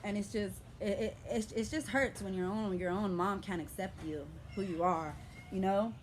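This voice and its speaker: A young woman with an American urban vernacular accent vents in a vlog at home. She is passionate and blunt, with heavy profanity and an aggressive, strong delivery. Her voice sits at an ordinary middle pitch over faint background noise. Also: moderate pace. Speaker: vlogger. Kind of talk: emotional vlog rant.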